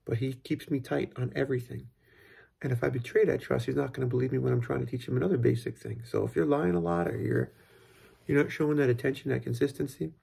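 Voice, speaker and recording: A man with a deeply gravelly, raspy voice and a dark, mellow tone talks through parenting in a casual monologue. He rambles thoughtfully, with plenty of fillers and restarts. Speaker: father sharing parenting tips.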